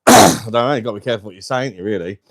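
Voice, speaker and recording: A young man hosts a casual live stream on a wireless mic, chatty and laughing often as he greets viewers by name. He talks rapid-fire in a lowish voice. The audio is studio quality with no echo.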